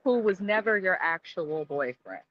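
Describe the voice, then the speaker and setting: A man's voice: high voice, expressive, normal speed, muffled recording. A man co-hosting a casual reality TV recap, making dry, cutting remarks.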